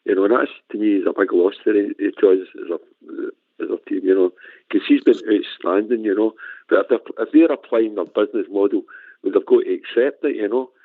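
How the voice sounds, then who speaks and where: A man's voice: fairly low pitch, dry recording. A man on a radio phone-in, speaking steadily and often saying you know. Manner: measured, lots of you know. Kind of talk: casual phone-in chat. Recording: tinny phone line.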